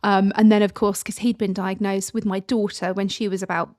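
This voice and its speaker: A woman's voice: mid-range voice, level tone, fairly quick, no room sound. Dry-sounding woman hosting a podcast. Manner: warm, sympathetic responder, shares her own anecdotes. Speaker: podcast host. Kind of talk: casual interview chat.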